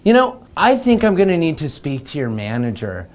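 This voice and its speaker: A man playing an arrogant, creepy lawyer who mocks a shop clerk, in a gravelly, self-important voice. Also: fairly high pitch, wildly swooping pitch, moderate pace. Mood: sneering.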